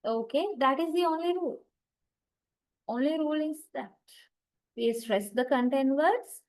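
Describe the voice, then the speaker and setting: A woman with a slightly high voice teaches an online class through her computer mic. She talks patiently, repeats her main points, and often checks in with the students. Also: unhurried, a little mellow, rough recording. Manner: patient, repeats key points, frequent "okay" and "right". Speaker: English linguistics lecturer. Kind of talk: online lecture.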